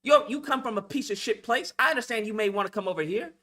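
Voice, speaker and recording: A man's voice: sits high, fast talker, pushed and bright. A man delivering a profane, confrontational rant to the camera for his video channel. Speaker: YouTube commentator. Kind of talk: ranting vlog monologue.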